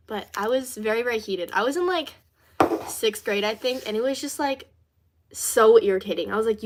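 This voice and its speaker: Teen girl livestream host from Louisiana, chatty and rambling, slightly high voice. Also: a little fast, a little hiss or hum. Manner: chatty, rambling, bubbly with many fillers. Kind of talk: casual livestream chat reading comments.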